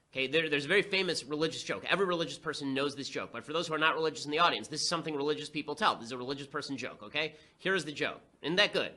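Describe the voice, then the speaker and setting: A young man delivering a fast, sarcastic, combative political commentary monologue. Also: on the high side, pushed and bright.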